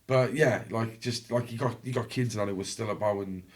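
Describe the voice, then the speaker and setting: A man's voice: lowish voice, brisk, slightly rough. A man from Wales with a Cardiff accent, a podcast guest telling a story in blunt casual talk full of swearing, acting out what other people said. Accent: Welsh, Cardiff.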